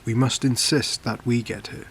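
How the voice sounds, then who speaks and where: A man's voice: mid-range voice, moderate pace, noisy background, lightly acted. A man voicing a cold, eerie younger boy. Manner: flat, insistent demands.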